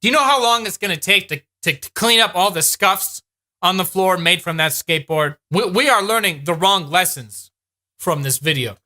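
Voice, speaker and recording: A man's voice: high-pitched, expressive, moderate pace, pushed and bright. A man giving sarcastic, exasperated comedic reaction commentary as a YouTube host. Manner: sarcastic, exasperated, laughing at what he watches.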